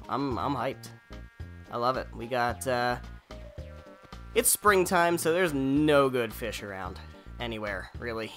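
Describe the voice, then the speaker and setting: A jokey, rambling man talking through a village video game for his channel, with a mid-range voice and a self-deprecating streak. Faint game music plays softly underneath. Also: mid-range voice. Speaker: gaming channel host. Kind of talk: let's play commentary.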